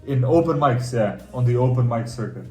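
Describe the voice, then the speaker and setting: A man's voice: mid-range voice, animated, fairly quick, warm tone. Balkan man with a slight Russian accent. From Balkans, Eastern Europe. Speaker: stand-up comedian, podcast guest. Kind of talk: casual podcast chat. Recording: roomy room with faint music.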